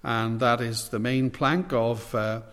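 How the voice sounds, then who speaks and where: Guy giving a sermon, slow emphatic delivery with pauses, church hall reverb. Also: medium pitch, steady tone, a bit bright, clean tone. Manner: measured, emphatic delivery with frequent pauses and fillers. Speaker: preacher.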